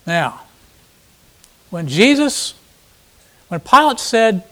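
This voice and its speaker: Drawing out his words in a high-pitched, very animated voice, a preacher reads scripture and bluntly paraphrases it in an expository sermon. He acts out the quoted speakers dramatically, hitting their lines with sudden loud emphasis.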